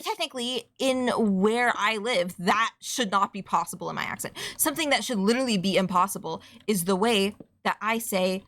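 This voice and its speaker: A young adult woman with a Canadian accent chatting casually while streaming a game, rambling through quick asides and casual swearing. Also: medium pitch, fairly bright tone.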